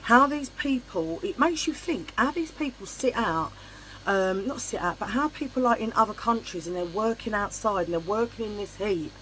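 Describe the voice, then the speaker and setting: A woman's voice: medium pitch, normal speed, a little hiss or hum, poor audio. A middle-aged woman, telling a long story in a casual vlog, chatty and blunt with some swearing. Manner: chatty, animated and blunt, swears freely, acts out voices in her anecdotes. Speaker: vlogger. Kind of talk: casual storytelling chit chat.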